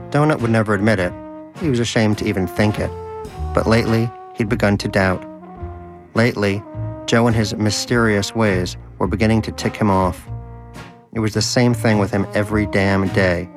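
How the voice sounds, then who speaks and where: A man narrates a comic storybook with a dry, wry delivery. His voice sits low and steady. The reading is measured and deliberate. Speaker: audiobook narrator.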